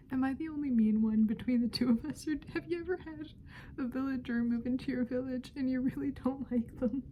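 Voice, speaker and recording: A woman's voice: high-pitched, a little fast, dull audio, a little hiss or hum. A woman whispering in a friendly role-play, giggling and rambling through casual chat as a friend hosting a visit.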